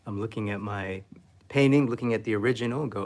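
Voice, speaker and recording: A man teaching painting, talking to himself as he works, muttering, self-critical, slipping into soft whispers. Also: on the low side, quick pace, hardly any pauses. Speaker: art instructor. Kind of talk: painting demo with self-talk.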